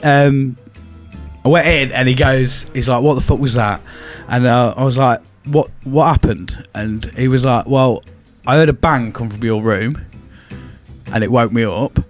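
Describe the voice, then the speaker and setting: Young English guy, podcast co-host, animated and sweary storyteller, mid-pitched voice. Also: moderate pace, faint music behind. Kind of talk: casual storytelling chat.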